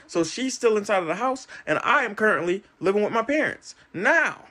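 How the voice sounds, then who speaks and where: Lively man telling a wild story. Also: very high-pitched. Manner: animated, acts out quoted voices. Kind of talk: casual storytelling.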